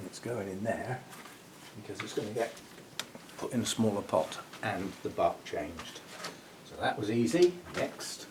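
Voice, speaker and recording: A low-pitched man talks through a plant-care demonstration in a loose, chatty way, thinking aloud and laughing at his own asides. He stands back from the microphone, so his voice sounds distant, with a faint hiss of noise behind it. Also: animated, unhurried. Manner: chatty, muses aloud while working, chuckles at himself. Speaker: orchid grower and channel host. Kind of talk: casual hands-on demonstration. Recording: faint background noise, speaking away from the mic.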